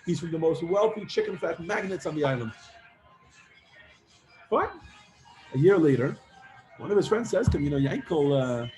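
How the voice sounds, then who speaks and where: A man teaching a class, telling a long parable with lively acted-out voices and casual fillers. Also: a little high, moderate pace, long pauses, soft background music. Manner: animated storyteller, acts out characters with many fillers. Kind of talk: storytelling lesson to students.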